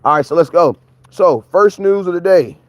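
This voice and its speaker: A grown man hosting a casual live stream on a morning walk outdoors, energetic and full of slang, greeting viewers by name. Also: high voice, moderate pace, dry recording, poor audio.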